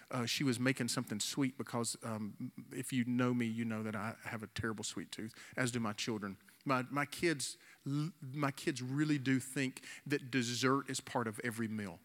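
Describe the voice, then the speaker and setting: A man's voice: mid-range voice, fairly even intonation, normal speed, hardly any pauses, a bit bright. Earnest man preaching in a reverberant hall. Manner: earnest, repeats words, acts out quoted voices. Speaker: pastor. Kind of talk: sermon. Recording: long reverb of a large hall.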